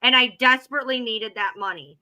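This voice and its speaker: Brief: exasperated woman recounting a grievance, very bright tone, fairly high. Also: fairly quick, low-quality recording. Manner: blunt, exasperated. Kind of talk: casual storytelling, giving her side.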